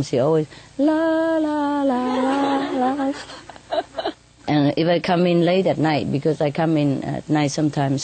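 Woman with a slightly low voice telling stories about her birds, chatty and quick to laugh. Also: warm tone. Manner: chatty, laughs often, many "you know" tags. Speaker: bird keeper telling stories. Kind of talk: casual storytelling in an interview.

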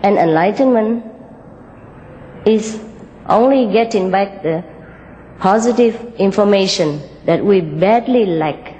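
A woman telling a moral fable and giving a spiritual talk, gently and with frequent small laughs, in loosely built English. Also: medium pitch, lively intonation, slow, pauses often, big-room sound, rough recording. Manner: gentle, laughs often, unpolished English grammar.

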